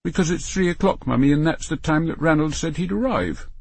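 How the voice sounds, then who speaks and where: A man voicing an earnest, polite little boy with a high voice who insists on getting things right. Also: lively intonation, a little fast, creaky, husky, no echo, exaggerated voice.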